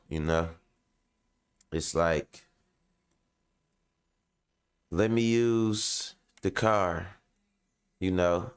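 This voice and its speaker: A man's voice: low-pitched, clear, resonant tone. A man hosting his own online show, venting casually and at length to his viewers in a frustrated, rambling, profane way. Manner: heavy fillers, addresses viewers directly.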